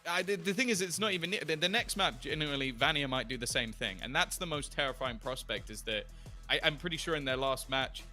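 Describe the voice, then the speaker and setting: A man giving animated studio desk analysis of an esports match, laughing and restarting often. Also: on the high side, a little fast, faint music behind.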